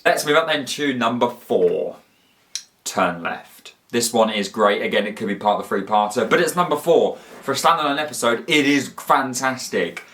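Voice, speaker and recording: A man's voice: mid-range voice, fairly bright tone, slight background noise. A man casually ranking episodes as a fan reviewer, talking enthusiastically and rambling with frequent restarts.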